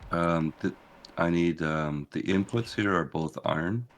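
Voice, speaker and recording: A man's voice: sits low, a little slow. A man playing a game with friends, talking matter-of-factly as he plans aloud. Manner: matter-of-fact, planning aloud. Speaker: co-player. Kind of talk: casual gaming chat.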